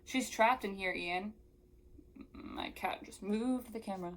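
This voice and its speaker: A woman's voice: mid-range voice, a little slow, poor audio. A young woman reading a novel aloud and breaking off into sarcastic, exasperated commentary filled with "like.". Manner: sarcastic, exasperated asides full of "like". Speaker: book reviewer.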